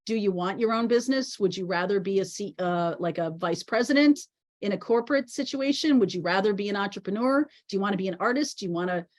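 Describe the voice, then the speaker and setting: A woman's voice: mid-range voice, fast. A woman giving a casual, encouraging tarot reading to viewers, thinking aloud as she turns the cards. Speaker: tarot reader. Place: home in Maine.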